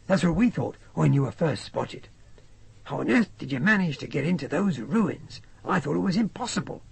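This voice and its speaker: A man voicing a young ship's doctor with a soft Scottish accent, talking fast in amazed disbelief. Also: a little high, animated, gravelly, slightly rough, heavily acted. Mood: puzzled. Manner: quick, amazed, laughing disbelief. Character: young male doctor, soft-spoken and incredulous.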